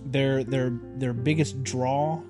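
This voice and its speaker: A man's voice: medium pitch, steady tone, takes it slowly. A man co-hosting a podcast, chatting casually with rambling, jokey, self-interrupting asides. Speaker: podcast co-host. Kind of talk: casual banter. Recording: music playing underneath.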